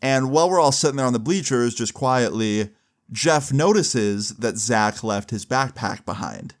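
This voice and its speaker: A young man at a mid pitch tells a casual story, swearing freely and leaning on filler words. He sounds loose and conversational, like a storyteller talking to his followers. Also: expressive, moderate pace. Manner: crude, casual, many "like" fillers.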